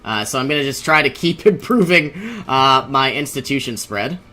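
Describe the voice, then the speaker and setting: A man's voice: medium pitch, expressive, moderate pace, bright, forceful tone. A young man giving casual commentary over his own strategy game, thinking aloud, often exasperated and laughing. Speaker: let's play host.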